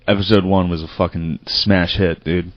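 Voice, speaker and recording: Low-voiced man, crude ribbing podcast banter. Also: flat delivery, moderate pace, no echo. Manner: crude, provocative ribbing, swears often. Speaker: podcast co-host. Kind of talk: casual comedic banter. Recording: dry, dull lo-fi recording.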